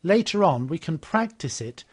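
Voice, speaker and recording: A man narrating a walkthrough of a teaching program in a steady, explanatory way, repeating the model phrases after the clips. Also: a little high, moderate pace, husky. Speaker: software demonstrator.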